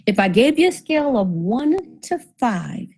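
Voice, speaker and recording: A woman's voice: fairly high pitch, big pitch swings, unhurried, darkish tone, breathy edge, rough recording. A woman giving a seminar presentation on debt, working through figures step by step, asking the audience questions and putting a dry sarcastic edge on some of her points. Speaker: financial presenter.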